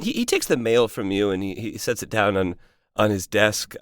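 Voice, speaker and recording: A man's voice: on the low side, sing-song, normal speed, clean tone, no echo, studio quality. A man narrating as game master for a tabletop game, talking loosely and chattily.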